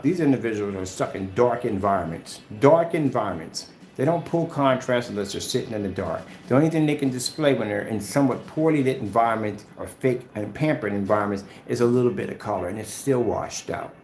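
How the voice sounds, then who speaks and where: A man's voice: medium pitch, expressive, brisk, hardly any pauses, darkish tone. A man speaks off the cuff in a vlog, by turns combative and chatty, circling back to the same phrases. His mid-range voice bounces around an echoey room with a faint hum underneath. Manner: combative, trash-talking, repetitive. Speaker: screen paint maker and vlogger.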